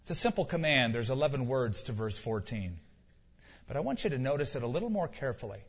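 Husky-voiced male preacher in a hall. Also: mid-range voice, sing-song, quick pace. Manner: emphatic preaching with rhetorical questions and repeated lines. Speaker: pastor. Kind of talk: sermon. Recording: dull lo-fi sound with long hall reverb.

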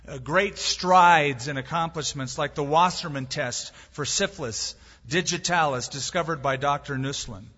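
Male preacher, emphatic sermon delivery, bright and slightly husky, recorded in a reverberant hall on dull lo-fi audio. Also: fairly high pitch. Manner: emphatic, with rhetorical questions and biblical quotes.

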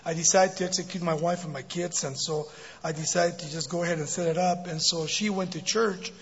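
A man in his sixties preaching as a guest speaker, telling a joke and then his life story, animated and laughing often. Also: a little high, fairly quick, a little hiss or hum. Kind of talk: sermon with jokes and testimony. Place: church sanctuary. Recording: dull recording in a big reverberant hall.

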